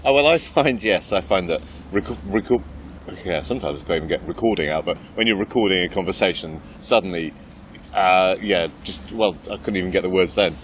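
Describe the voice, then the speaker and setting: A low-voiced man hosts a casual improv podcast. He talks hesitantly and often gropes for words, laughing easily along the way. Light traffic noise sits faintly behind him. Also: fairly quick. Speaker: podcast host. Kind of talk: casual chat.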